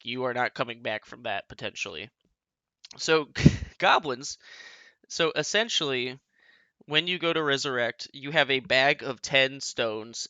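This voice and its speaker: A man with a bright, smooth voice talks casually through game rules, rambling and restarting often. The recording is dry and dull, with a lo-fi edge. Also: mid-range voice, no room sound. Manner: rambling, many restarts and asides. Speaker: host explaining game rules. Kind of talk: casual rulebook explainer.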